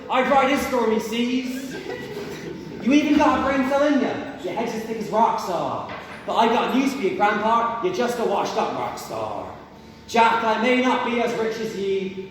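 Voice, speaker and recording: A man's voice: high-pitched, slight background noise. A man voicing a swaggering male pirate captain in a put-on pirate accent, reciting insulting verse theatrically. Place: comedy gig venue indoors. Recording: echoey hall from far off with audience.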